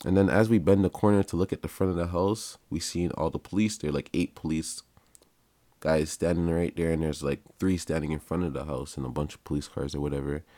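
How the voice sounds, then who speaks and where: A man's voice: very deep voice, fairly even intonation, brisk, mellow, dry recording. A young man, hosting a podcast and telling stories in a laid-back, slangy way, laughing as he goes. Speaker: podcast host. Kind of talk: casual storytelling.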